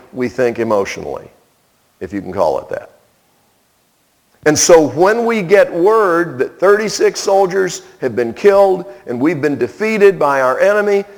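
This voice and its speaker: A man's voice: sits high, creaky. A man preaching a sermon, telling a story with animation and acting out the people in it.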